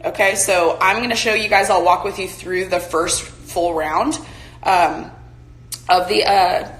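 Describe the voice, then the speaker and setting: A woman's voice: fairly low pitch, fairly even intonation, a little slow, distant mic. A young woman casually leading a home workout, chatty and coaching as she exercises. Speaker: softball player leading a workout. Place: home room. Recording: echoey room, mic from afar.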